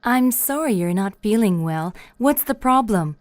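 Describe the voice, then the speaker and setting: Woman reading an english practice dialogue, plain and even, mid voice, dry. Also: medium pitch, a little slow, no echo. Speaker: dialogue reader in an English lesson. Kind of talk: scripted conversation for learners.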